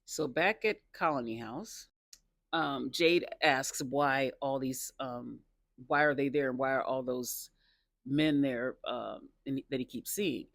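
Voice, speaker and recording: A man casually recapping a TV episode, chatty and laughing often, with excited personal asides. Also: mid-range voice, slow, gravelly, no room sound, clean studio sound.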